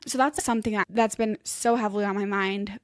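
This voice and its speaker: A woman's voice: mid-range voice, steady tone, a little fast, no room sound, studio quality. A young adult woman co-hosting a podcast, talking candidly and emotionally and acting out what other people said to her. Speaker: podcast co-host. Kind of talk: candid conversational podcast chat.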